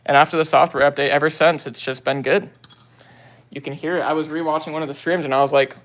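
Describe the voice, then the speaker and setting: A man's voice: on the high side, steady tone, fast talker, fairly bright tone. A young man hosting a livestream on his phone, casually greeting viewers and answering comments in laid-back slang. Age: young adult. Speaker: livestream host.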